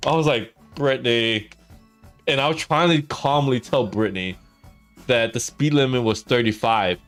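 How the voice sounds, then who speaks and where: A man's voice: mid-range voice, normal speed, a bit bright, faint music behind. A man telling a funny story to his stream while gaming, laughing often as he talks.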